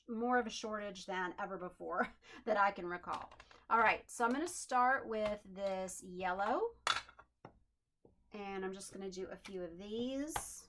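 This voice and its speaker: A woman's voice: mid-range voice, a bit bright, a little hiss or hum. A woman hosting a home craft tutorial, chatting in an upbeat way and thinking aloud as she works at her desk. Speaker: crafting channel host.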